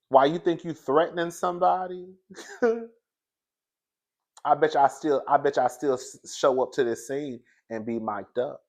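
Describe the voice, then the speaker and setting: Chatty guy reviewing a reality show, animated, laughs a lot, keeps saying girl. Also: medium pitch. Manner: laughs often. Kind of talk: casual commentary.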